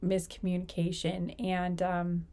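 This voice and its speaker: A woman's voice: lowish voice, completely flat delivery, measured pace, warm tone. Chatty woman doing a tarot reading. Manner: rambling, filler-heavy talk full of "like" and "you know". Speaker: tarot reader. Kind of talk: casual pick-a-card tarot reading.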